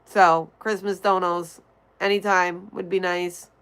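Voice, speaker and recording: Smooth-voiced woman chatting to her stream. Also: fairly low pitch, flat delivery, takes it slowly, fairly bright tone, rough recording. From Connecticut. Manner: chatty, greets viewers by name. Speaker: livestream host. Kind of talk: casual chat reading viewer comments.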